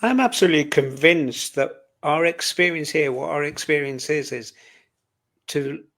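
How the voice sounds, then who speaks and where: A man talking earnestly and reflectively as a guest in a casual conversation about spirituality, often pausing mid-phrase. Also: a little high, fairly bright tone.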